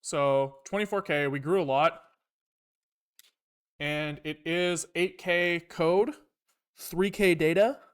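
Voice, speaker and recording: A man's voice: on the high side, slow, long pauses, clear, resonant tone. A man streaming live as he codes, thinking aloud in a rambling, profane way with wry asides to his chat. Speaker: programming livestreamer. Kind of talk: casual live coding talk.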